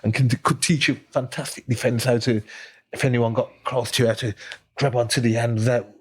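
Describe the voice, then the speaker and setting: A man's voice: medium pitch, fairly even intonation, brisk, a little mellow, breathy edge. Black Country man, ex-boxer guest; easygoing chatter, leans on "you know". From Smethwick, Black Country, England. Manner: chatty, repeats phrases, many "you know"s. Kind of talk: casual podcast chat.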